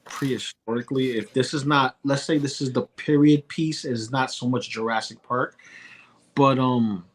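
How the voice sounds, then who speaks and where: A man co-hosts a loose online chat, joking and driving his points home by repeating them. His voice sits at an ordinary middle pitch. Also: steady tone, moderate pace. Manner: joking, emphatic, repeats phrases. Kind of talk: casual livestream chat.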